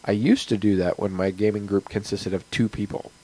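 Over a fairly low, fairly even voice, a man who runs games and hosts a podcast rambles chattily about his game and his week, dropping lots of fillers. He talks briskly with a warm tone in a casual podcast chat, though the audio quality is poor.

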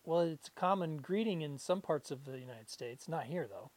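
A man's voice: a little high, expressive, moderate pace, a little mellow. A man co-hosting a casual podcast chat, asking dry, wry questions and giving short replies.

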